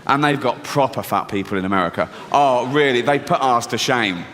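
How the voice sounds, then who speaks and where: Recorded live in a reverberant comedy hall with audience sounds and slight background noise, a comic from England delivers a brash, profane story with mock incredulity. His voice is medium-pitched and fairly bright, and he talks fairly quickly.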